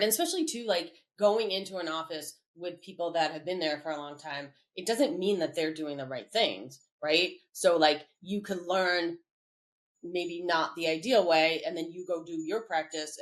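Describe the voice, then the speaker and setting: A woman's voice: on the low side, rough recording. A middle-aged woman, a dental compliance consultant, chatting casually on a podcast, with lots of "like" and "right?" fillers. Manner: animated, many "like" and "right?" fillers.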